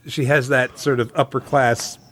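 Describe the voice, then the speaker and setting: A man's voice: medium pitch, fairly even intonation, moderate pace, a bit bright. A man co-hosting a podcast, rambling and thinking aloud with many fillers. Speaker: podcast co-host. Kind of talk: casual podcast discussion.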